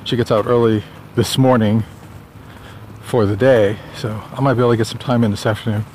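A man's voice: mid-range voice, steady tone, brisk, a little mellow, a little hiss or hum. A man talking casually while out walking, chatty and rambling, a bit out of breath. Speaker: author vlogging on a walk. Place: outdoors on a sunny suburban street.

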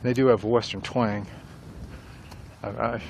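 A man's voice: on the low side, steady tone, a little slow, vocal fry, a little hiss or hum. Rambling middle-aged man musing on writing. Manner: rambling, reflective. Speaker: writer vlogger. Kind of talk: casual talk while walking.

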